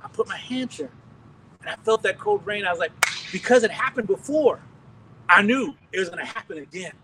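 Preaching at a brisk clip, a high-voiced pastor from the United States spins lively testimony stories, chuckling and starting phrases over. Faint background noise sits under his voice, which sounds a little far from the mic.

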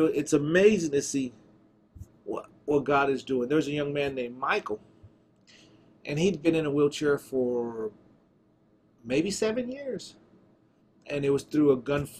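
A man's voice: medium pitch, a little hiss or hum. A man hosting a preaching show, telling healing stories with fervor and acting out the dialogue, recorded in a studio. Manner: storytelling, fervent, acts out dialogue. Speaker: evangelist show host. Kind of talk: testimony-style preaching broadcast.

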